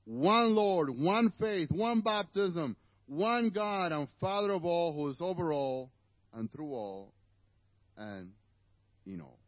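A man's voice: on the high side, lively intonation, takes it slowly, dry recording, highs cut off. A man with a Spanish accent, native Spanish speaker, preaching a conversational sermon to a church congregation with asides to the listeners.

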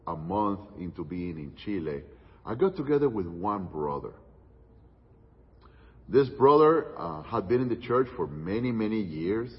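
A man preaching a sermon, telling a story with dramatic pauses and dropping to hushed tones for quoted words. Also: low-pitched, breathy edge. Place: church hall. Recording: distant, muffled church hall recording with long reverb.

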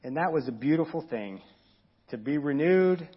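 A man's voice: fairly high pitch, lively intonation, moderate pace, husky, muffled recording. A man preaching an informal, earnest sermon and talking straight to his congregation. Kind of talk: conversational sermon.

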